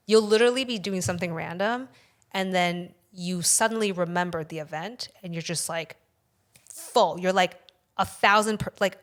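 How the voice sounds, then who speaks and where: A woman with a somewhat low voice tells a long story as a podcast guest. She is casual and rambling. She swears often for emphasis.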